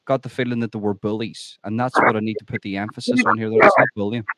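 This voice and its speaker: This podcast host conducts a conversational interview in a lowish, steady voice, talking fast over a very noisy background. He's emphatic and opinionated, repeating himself whenever he stresses a point.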